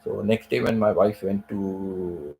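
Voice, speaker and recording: A man with a fairly low, mellow voice recounts a personal story on his live stream. He talks casually and emotionally, circling back on his own phrases and leaning on "you know" between thoughts. A faint hum of noise sits under his voice. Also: steady tone, slow, vocal fry, low-quality recording. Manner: emotional, repeats himself, fills with "you know".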